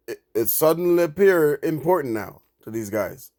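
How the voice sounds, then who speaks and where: A man commenting on the news. He reads news out, then reacts indignantly, stumbling into restarts and rising in pitch and volume when he gets angry. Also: lively intonation, moderate pace, a little mellow, no echo, clean studio sound. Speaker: crypto commentator.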